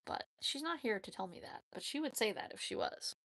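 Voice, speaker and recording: A woman's voice: a little high, very animated, fairly quick, fairly bright tone. A woman hosting her own channel in a casual livestream chat, chatty and giggly, teasing herself as she talks. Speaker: YouTube channel host.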